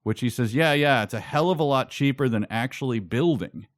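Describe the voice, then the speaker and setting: A man's voice: medium pitch, a little fast, no room sound. A man co-hosting a casual book podcast, making dry, sarcastic asides. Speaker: podcast co-host.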